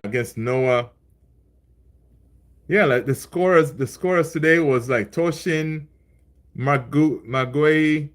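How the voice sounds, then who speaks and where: A man hosting a casual live stream, reading chat and talking loosely, with lots of fillers and repeated phrases. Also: medium pitch. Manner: loose and chatty, laughs along with viewers. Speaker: livestream host reading chat.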